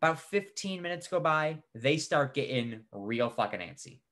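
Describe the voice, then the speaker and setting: A man co-hosting a podcast, telling a story in animated casual chat, swearing freely and saying "like" a lot. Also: a little high, moderate pace. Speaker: podcast co-host.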